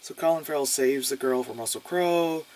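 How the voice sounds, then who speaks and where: A man talks through a movie in a loose, rambling way, sprinkling in filler words and dry sarcasm. His voice sits at an ordinary middle pitch. He swears freely as he goes. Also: normal speed, darkish tone, slight background noise. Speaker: movie reviewer. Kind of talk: casual movie review.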